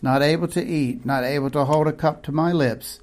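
A man's voice: fairly high pitch, normal speed, darkish tone, lightly acted. A man voicing an eager, earnest male villager healed of palsy, making urgent appeals.

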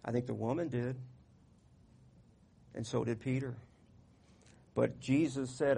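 A man with a gravelly, creaky voice preaches a sermon in plain, folksy talk. His voice rises and gets louder when he reads the scripture verses aloud. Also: mid-range voice, fairly even intonation, unhurried, pauses often. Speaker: pastor.

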